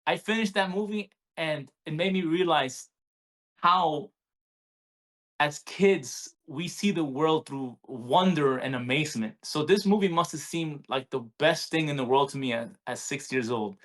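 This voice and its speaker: A man in his forties, co-hosting a podcast, telling a story in a casual, animated way with many restarts. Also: fairly high pitch, a little slow. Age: 40s. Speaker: podcast co-host. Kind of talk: casual chat.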